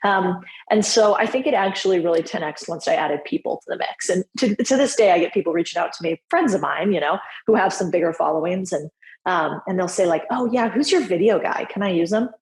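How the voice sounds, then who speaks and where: Woman guest, lower register, candid and quick to laugh, echoey room. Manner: candid, laughs easily, lively quoting. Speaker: podcast guest. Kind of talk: casual interview talk.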